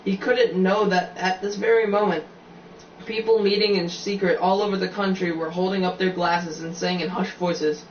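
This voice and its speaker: A man's voice: high-pitched, steady tone, normal speed, echoey room, distant mic, muffled recording, a little hiss or hum. A man reading a novel aloud, stumbling and restarting lines often. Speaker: reader.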